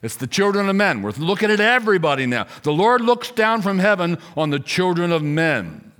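Emphatic male preacher, lively pitch. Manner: emphatic, rhetorical questions, slows for scripture. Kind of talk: expository sermon.

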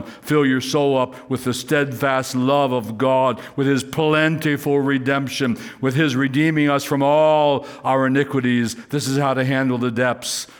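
A man preaching a sermon in church, talking conversationally with humorous asides and lifting his voice high and loud when he reads scripture or acts out imagined speakers. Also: clean tone. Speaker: pastor.

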